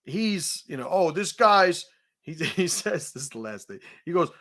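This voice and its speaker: A middle-aged man telling a story casually, his voice sitting a bit high for a man. His pitch swings widely as he acts out both sides of a heated argument. He swears freely and laughs between lines. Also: measured pace. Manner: animated, profane, laughing while telling a confrontation story. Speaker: host.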